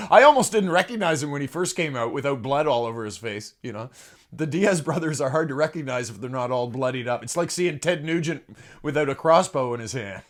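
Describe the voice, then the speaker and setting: A man's voice: mid-range voice, expressive, brisk. A man hosting a comedic sports monologue, crude and sarcastic, who swears freely and chuckles at his own jokes. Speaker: host.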